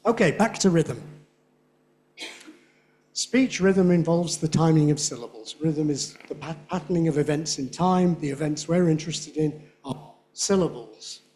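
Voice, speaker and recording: A man's voice: fairly high pitch, animated, warm tone. Chatty man giving a lecture. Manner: chatty, checks in with "yeah?", repeats examples slowly. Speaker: guest lecturer on English phonetics. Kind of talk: lively conference lecture with spoken examples. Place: lecture hall with an audience.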